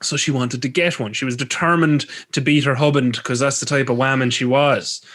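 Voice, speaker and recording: A man's voice: medium pitch, fairly even intonation, brisk, a bit bright. Rambling, jokey Irish man. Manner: rambling, jokey asides, crude humour. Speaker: podcast host. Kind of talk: comedic storytelling chat.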